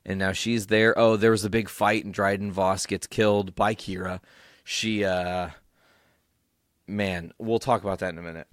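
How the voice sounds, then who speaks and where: A young man hosting a podcast alone, recapping excitedly, rambling and swearing freely. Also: sits low, normal speed, no echo, studio quality. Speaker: podcast host. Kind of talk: casual solo recap.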